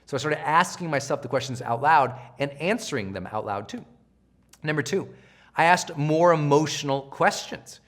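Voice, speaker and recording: A middle-aged man giving a live coaching session, energetic and animated, often acting out the voices of people he quotes. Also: fairly high pitch, normal speed. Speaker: self-help trainer.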